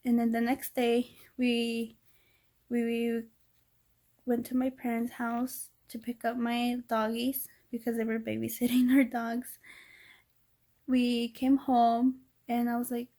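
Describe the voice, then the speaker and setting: A woman vlogger recounts a personal story with deep feeling, teary at the edges. Her voice is gravelly and mellow, and it moves in a narrow, even pitch band. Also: slow. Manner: emotional, heartfelt retelling.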